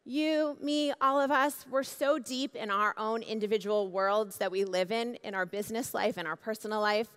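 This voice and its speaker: A woman's voice: fairly high pitch, normal speed, few pauses, a bit bright, smooth. Woman giving an emphatic keynote in a hall. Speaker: keynote speaker. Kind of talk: conference keynote speech. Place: large conference hall. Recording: long hall reverb.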